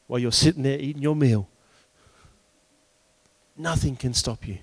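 A man preaching a sermon with passion, breaking into shouts and slowing down to stress key phrases. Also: mid-range voice, no room sound. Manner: impassioned preaching with sudden shouts and slow emphatic phrases. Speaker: pastor.

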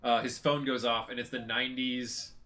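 A man hosting a casual podcast chat, retelling movie scenes in a lively way and swearing freely. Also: medium pitch, normal speed, over a noisy crowd. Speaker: podcast host.

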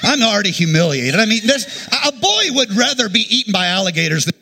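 A middle-aged pastor delivers a sermon with lots of humor, acting out the people in his stories. His voice is bright and ringing, and it swoops up and down with lively expression. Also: high voice, brisk. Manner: animated, jokey, acts out quotes.

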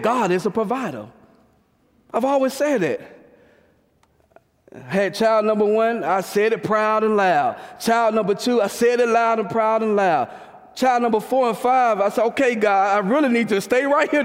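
A man preaching a sermon, swinging between fervent shouts and quiet asides as he talks straight to the congregation and laughs often. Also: high voice, big-room sound. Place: church.

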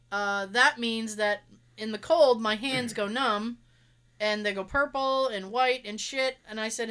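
A young woman casually telling a funny story, sarcastic and acting out the quoted lines. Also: on the high side. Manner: sarcastic, animated, acts out quotes. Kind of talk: casual chat, telling an anecdote.

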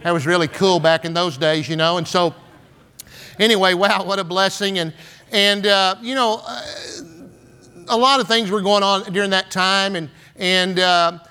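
A man's voice: sits high, steady tone, moderate pace, pushed and bright, clear, resonant tone. Folksy preacher in his sixties. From San Antonio, Texas. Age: 60s. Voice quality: folksy, filler-heavy with "and, uh" and "man". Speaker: pastor. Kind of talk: storytelling sermon.

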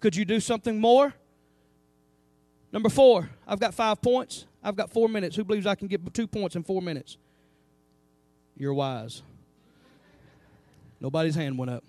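A man preaching a sermon to his church, animated, breaking into asides and calling out to the congregation. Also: high-pitched, normal speed, long pauses, dry recording, clean studio sound. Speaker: pastor. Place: church sanctuary.

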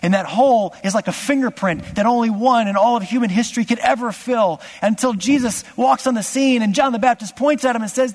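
A man's voice: very high-pitched, a little fast, hardly any pauses. Impassioned male preacher in a reverberant hall. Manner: impassioned, swings from loud exclamations to hushed asides. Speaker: pastor. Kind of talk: sermon.

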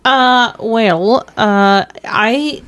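A woman's voice: on the high side, drawn-out words, fairly bright tone. A woman co-hosting a movie review podcast, chatting casually and laughing often. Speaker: podcast co-host.

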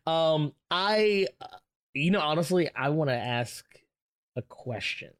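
A man's voice: fairly high pitch, expressive, a little slow, dry recording. A man playing a tabletop game, talking hesitantly with many restarts. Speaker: player. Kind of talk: casual chat in a tabletop game.

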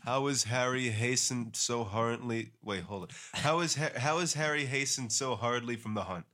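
A man from New York co-hosts a casual podcast in a middle-pitched male voice. He attacks tongue twisters with good humor, trips over them and starts again. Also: normal speed, sharp tone. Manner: playful, stumbles and laughs through tongue twisters. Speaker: podcast co-host.

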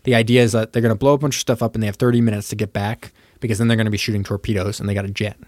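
A man's voice: fairly low pitch, flat delivery, very fast, darkish tone, no echo. A man co-hosting a casual podcast, retelling a film plot and acting out the characters' lines. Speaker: podcast co-host. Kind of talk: casual movie recap chat.

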